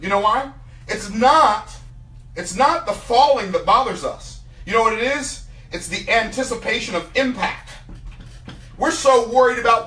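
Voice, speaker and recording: A man gives a motivational seminar talk in a high, lively voice that swoops up and down as he tells his story. His tone is bright and forceful, and he fires rhetorical questions at the room. The sound is roomy, picked up from some distance in a large hall. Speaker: motivational speaker.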